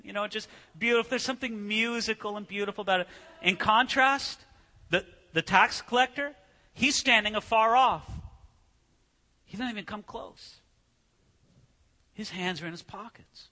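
A man's voice: sits high, normal speed, pauses often, sharp tone. A man preaching a sermon in a conversational way, with rhetorical questions and acted-out scripture. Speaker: pastor. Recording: reverberant church hall.

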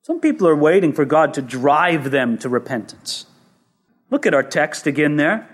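A man preaching a sermon, acting out the voices he quotes, rising emphatic and dropping low. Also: very animated, normal speed, husky.

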